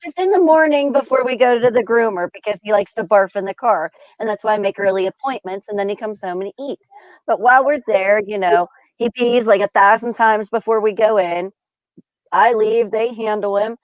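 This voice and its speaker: A chatty woman tells exasperated anecdotes, her lines often fading off softly at the end. Her voice is close and dry, with dull, lo-fi sound. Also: medium pitch, a little fast, dry recording. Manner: exasperated, chatty, trailing off quietly. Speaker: co-host. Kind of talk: casual comedic storytelling.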